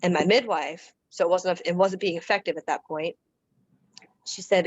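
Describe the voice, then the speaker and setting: A woman guest on a podcast, casually telling a personal story in a relaxed, chatty way with fillers and restarts. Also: fairly low pitch, a little slow, long pauses, dry recording, rough recording.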